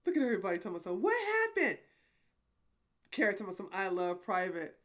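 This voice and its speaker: A woman's voice: medium pitch, very animated, rapid-fire. A woman hosting a live stream, chatting casually with her viewers, rambling and apologetic, laughing often. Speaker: livestream host.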